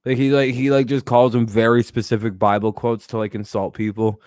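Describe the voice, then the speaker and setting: A man's voice: medium pitch, level tone, brisk, darkish tone, no room sound, clean studio sound. A man hosting a casual sports talk stream, rambling and joking with plenty of profanity. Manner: frequent fillers and restarts. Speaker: host.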